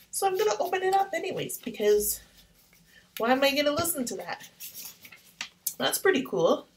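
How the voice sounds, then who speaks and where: A gushing woman talks through an unboxing at a slow, unhurried pace. Her voice sits a little high, and she often drops into whispers. A faint hiss of noise runs behind her. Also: darkish tone, poor audio. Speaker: art vlogger unboxing sponsored markers. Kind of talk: casual unboxing vlog.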